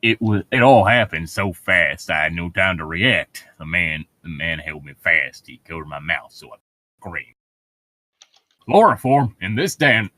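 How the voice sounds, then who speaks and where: A man's voice: low voice, normal speed, sharp tone. Man joking through a dramatic reading. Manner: wry, joking asides. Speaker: podcast co-host.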